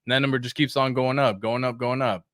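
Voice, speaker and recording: An excitable young man chats through a casual livestream, full of slang and shout-outs to viewers by name. His voice sits in an ordinary middle register. The sound is dry and close, with no room echo. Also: medium pitch, fast talker. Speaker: crypto livestream host.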